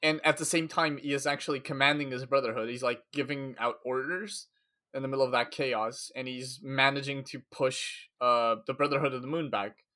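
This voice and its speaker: Man, casual podcast co-host, rambling story recap, medium pitch. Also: fairly even intonation, fairly quick, sharp tone. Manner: rambling, lots of fillers and acted quotes.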